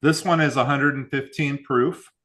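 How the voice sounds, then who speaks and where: Bright-voiced man hosting a whiskey tasting. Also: mid-range voice, normal speed. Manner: relaxed, reads out mash bills and tasting notes. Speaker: whiskey club host. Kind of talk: casual tasting chat.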